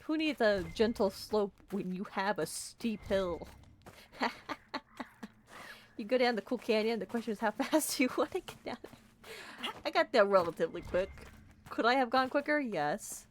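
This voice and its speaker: A woman's voice: medium pitch, expressive, normal speed, a little hiss or hum. A woman streamer giving playful gaming commentary, bubbly and jokey, chatting to the characters on screen. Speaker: let's play streamer.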